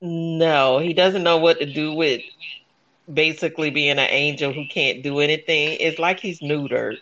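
A co-host of a casual TV recap podcast, talking slowly and thoughtfully with fillers. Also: mid-range voice, fairly bright tone. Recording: dull lo-fi sound with faint room noise.

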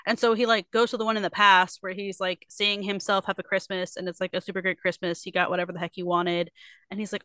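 Bright, crisp young woman retelling a story. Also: mid-range voice, no echo. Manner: animated retelling with quick put-on quotes, many fillers. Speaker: podcast co-host. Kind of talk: casual book club chat.

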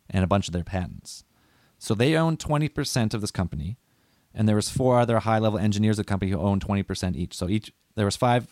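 Rambling, profane man, low voice. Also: darkish tone, no echo, studio quality. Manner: rambling, profane, loses his notes. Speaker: podcast host. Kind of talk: casual conspiracy podcast chat.

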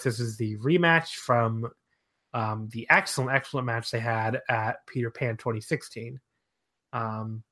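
A man's voice: medium pitch, bright, forceful tone. Enthusiastic male podcast host. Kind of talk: casual podcast chat about wrestling.

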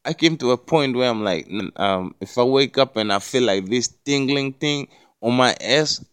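A man's voice: medium pitch, normal speed, a bit bright, clean tone, dry recording, clean studio sound. A man hosting a solo podcast, talking casually in a rambling, profane way with many restarts. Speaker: podcast host.

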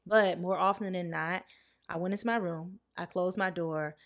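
A woman's voice: lowish voice, fairly even intonation, normal speed. A woman in her late twenties hosting a reflective solo podcast, talking candidly and heartfelt, speaking straight to her listeners. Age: late 20s. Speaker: podcast host.

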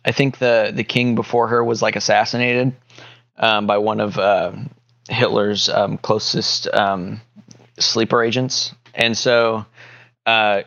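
A man on a podcast chatting casually, rambling and halting with many fillers as he spins a joke theory. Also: on the low side, level tone, fairly bright tone, dull audio. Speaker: podcast co-host. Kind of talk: casual chat.

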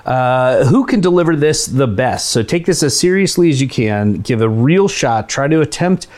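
A man at a mid-range pitch hosts a casual comedy podcast. He runs the games in an upbeat, game-show manner and laughs between instructions. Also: expressive, moderate pace, darkish tone. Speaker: podcast host.

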